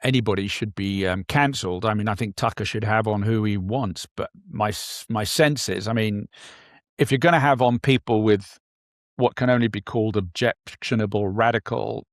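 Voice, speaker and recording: A man co-hosting a casual political talk show, speaking haltingly with many fillers and restarts. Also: lowish voice, dry recording, clean studio sound. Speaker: podcast co-host.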